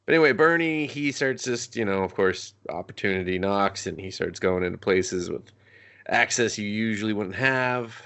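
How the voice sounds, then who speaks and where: A man's voice: lowish voice, normal speed, pushed and bright. A young adult man co-hosting a movie review podcast, recapping scenes in profane, joking banter and slipping into silly voices. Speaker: podcast co-host.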